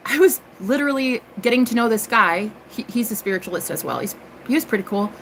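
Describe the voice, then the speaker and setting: A sassy American woman telling a story in a bright, forceful voice. She talks cheekily to her viewers, calls them honey and girl, and swoops up into squealing exclamations. Her voice sits a touch high for a woman. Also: animated, fast talker, a little hiss or hum. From United States. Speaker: tarot reader and live streamer. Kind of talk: casual storytelling monologue.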